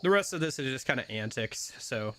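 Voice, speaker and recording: A man's voice: medium pitch, expressive, brisk, pushed and bright. A man streaming a video game, chatting casually with lots of fillers and wry asides. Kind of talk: casual gameplay commentary.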